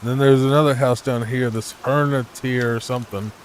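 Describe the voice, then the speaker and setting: Man, soft rambling sleepy gameplay talk, halting, faint rain behind, mid-pitched voice. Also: steady tone, a little hiss or hum. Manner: soft-spoken, rambling, full of hesitations. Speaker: gaming channel host.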